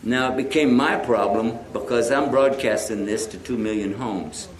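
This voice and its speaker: A man's voice: mid-range voice, normal speed. A man preaching to a live audience, telling a story and acting out both sides of the conversation. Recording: echoey hall with faint noise.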